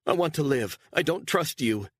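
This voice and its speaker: A man voicing a frightened, volatile woman on the run, pushing his deep voice high into a shrill, pleading tone. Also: animated, a little fast, slightly rough, no echo. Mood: distraught.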